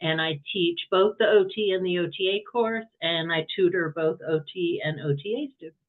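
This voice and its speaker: A woman's voice: lowish voice, normal speed. Woman on a tinny phone-like line. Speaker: co-host and instructor. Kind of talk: live online webinar. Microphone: video call.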